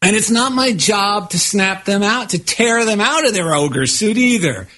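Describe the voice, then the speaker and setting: A man with a notably high voice talks loosely in a relaxed podcast chat. He co-hosts and writes books, and he drifts into anecdotes, restarting his sentences as he goes. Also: unhurried. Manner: rambling, anecdotal, with frequent restarts. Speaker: podcast co-host and author. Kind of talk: casual conversational chat.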